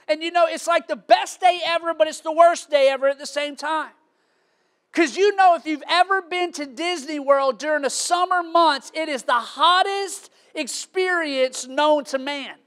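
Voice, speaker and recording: A man, preaching a sermon as pastor with animated, shouting storytelling. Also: very high-pitched.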